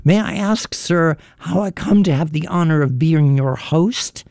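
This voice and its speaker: A man's voice: on the high side, measured pace, darkish tone, dry recording, studio quality, pitched above the performer's own voice. A man voicing a sullen, offended host in an audiobook, speaking stiffly.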